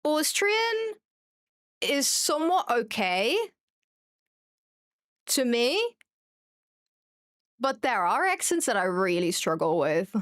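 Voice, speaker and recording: A young woman from Germany chats away while she streams a game, quick to poke fun at herself. Her voice sits a touch high. The sound is close and dry, with no room around it. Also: sing-song, a bit bright, no room sound. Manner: chatty and self-mocking, reads chat aloud. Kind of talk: casual chat while gaming.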